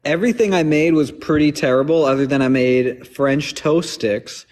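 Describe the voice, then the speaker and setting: A man chatting casually on a livestream, quick to laugh and react. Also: on the high side, darkish tone. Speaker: livestream guest.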